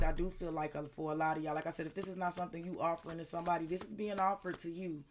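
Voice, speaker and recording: A woman's voice: fairly low pitch, slight background noise. A woman doing a live tarot reading, speaking emphatically and repetitively straight to her viewers, with frequent swearing, and greeting chat viewers by name. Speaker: tarot reader.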